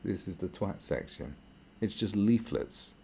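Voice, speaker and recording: British male podcast host with a low, dark, gravelly voice, ranting sarcastically and swearing. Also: measured pace, a little hiss or hum. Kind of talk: podcast monologue.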